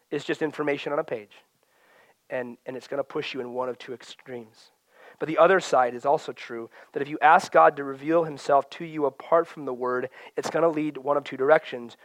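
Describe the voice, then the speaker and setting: High-voiced earnest male preacher. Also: a little fast, a bit bright, dry recording. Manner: earnest, conversational, acts out quoted voices. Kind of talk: sermon.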